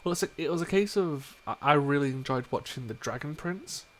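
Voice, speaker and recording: A man's voice: fairly high pitch, expressive, brisk, fairly bright tone. A man with an English accent chatting casually and swearing freely as a player between rounds of a tabletop game over a voice call. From England.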